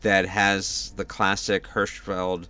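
A man's voice: sits low, monotone, slow, sharp tone, clean tone. A man co-hosting a casual podcast chat, talking with frequent fillers and restarts. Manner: chatty, hesitant with many fillers. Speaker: podcast co-host.

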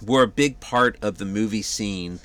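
Chatty man with a low voice. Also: moderate pace, a bit bright. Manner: chatty, hesitant with many fillers. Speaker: podcast co-host. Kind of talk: casual chat.

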